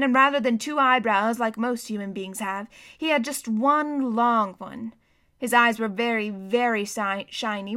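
Bright-voiced woman narrating a storybook. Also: on the high side. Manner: expressive, acting out the characters. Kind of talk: audiobook narration.

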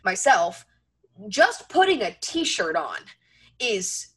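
A woman's voice: medium pitch, very animated, slow, sharp tone, slightly rough. A woman in her twenties co-hosting a racing talk show, chatty and self-mocking, with frequent restarts. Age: 20s. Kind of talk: casual sports chat.

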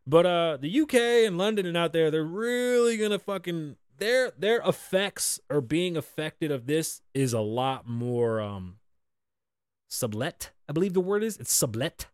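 A man in his thirties talks through his solo podcast in a loose, profane, joking way. His voice sits high for a man and leaps up and down with every riff. The sound is dry and close, with no room around it. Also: animated, moderate pace, few pauses, clean tone, no room sound. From United States. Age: 30s. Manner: loose, profane, joking rants with big swings. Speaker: podcast host. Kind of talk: casual solo podcast chat.

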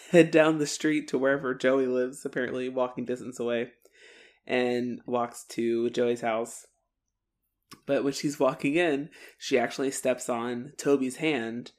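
A woman's voice: very deep voice, a little mellow. A woman co-hosting a podcast, retelling an episode in casual chat and acting out the characters' lines with laughs. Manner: chatty storytelling, acts out characters' lines, laughs. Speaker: podcast co-host. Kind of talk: casual episode recap narration.

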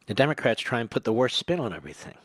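A man's voice: mid-range voice, very animated, very fast, a bit bright, no room sound. Older man, talk radio host, mid-range voice, dry booth sound, punchy sarcastic delivery. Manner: combative, sarcastic, builds to emphatic peaks. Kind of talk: political talk radio monologue. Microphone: studio microphone.

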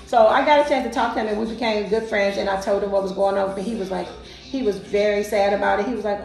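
A woman's voice: medium pitch, lively intonation, fast talker, gravelly, echoey room, soft background music, low-quality recording. A woman casually telling a personal story, emphatic and colloquial, often repeating herself.

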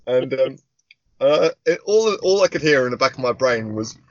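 A man in his forties chats on a podcast, telling a story with lots of swearing and laughter. His pitch swoops widely as he goes. The sound is dull and lo-fi in a dry room. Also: expressive, fairly quick, no room sound. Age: 40s. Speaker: podcast co-host. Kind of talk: casual podcast chat.

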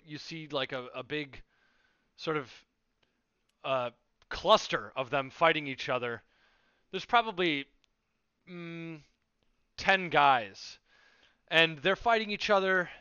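A male game master narrates a tabletop scene at an unhurried pace, with plenty of fillers. His voice is bright and crisp, and the recording is dry and slightly dull. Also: a little high, no echo.

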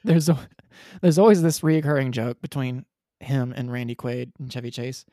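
A man's voice: mid-range voice, steady tone, moderate pace, dark tone, dry recording, clean studio sound. A man co-hosting a podcast in casual chat, quoting movie lines in put-on voices. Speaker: podcast co-host.

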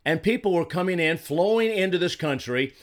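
A man's voice: high-pitched, animated, brisk. A man in his sixties from Arizona delivering an indignant political commentary, stressing his points and repeating words when heated. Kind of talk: solo commentary monologue.

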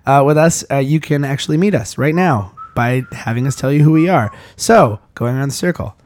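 A man's voice: medium pitch, a little fast, a little mellow. A man hosting a casual comics podcast, teasing his co-hosts and steering the talk. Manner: teasing, jokey, runs the conversation. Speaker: podcast host.

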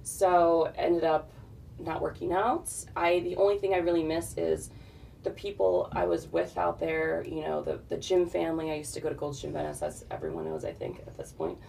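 A woman in her forties talks casually as an interview guest, rambling in long, easygoing sentences. Her voice sits low, with heavy vocal fry and a dark tone. She sounds a little distant from the mic, with faint background noise. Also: moderate pace. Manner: chatty, relaxed, talks in long run-on thoughts. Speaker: guest, fitness model and author.

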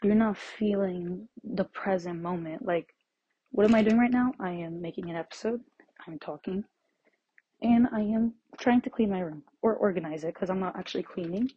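A young woman hosting her own podcast, rambling casually and laughing often, her voice shaky and her breathing loud with anxiety as she walks around her bedroom. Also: mid-range voice, normal speed, husky. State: anxious and shaky, breathing loudly. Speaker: podcast host. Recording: slightly dull, dry lo-fi home recording.

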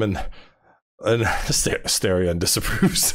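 A man's voice: on the low side, expressive, a little fast. A man in casual gaming chat on a podcast, laid-back and laughing as he talks. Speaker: podcast co-host or guest.

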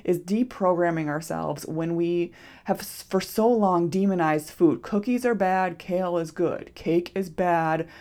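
A woman's voice: fairly low pitch, a little slow, dark tone. A woman podcast host and nutrition coach talking casually and expressively, acting out quoted self-talk. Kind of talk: solo podcast monologue.

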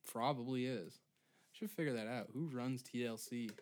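A man's voice: mid-range voice, moderate pace, a little mellow, a little hiss or hum. A man in his twenties hosting a solo comedy podcast, ranting sarcastically and swearing often. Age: 20s. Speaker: podcast host.

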